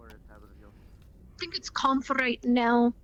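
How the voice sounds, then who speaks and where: A woman's voice: a little high, huge pitch swings, very slow, fairly bright tone, highs cut off. A woman in in-character roleplay chat who eagerly retells events and repeats herself. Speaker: roleplay player.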